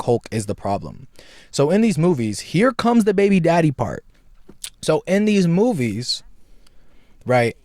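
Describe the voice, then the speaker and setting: A man's voice: medium pitch, darkish tone, dry recording, clean studio sound. A young man hosting a casual commentary video, rambling in slangy talk and often checking in with his listener. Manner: rambling, slangy, keeps asking "right?". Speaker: video essay host.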